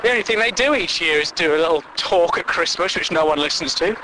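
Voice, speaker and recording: A man's voice: a little high, animated, fast talker, noisy background. A man rambling through a sweary comic monologue and chuckling at his own jokes.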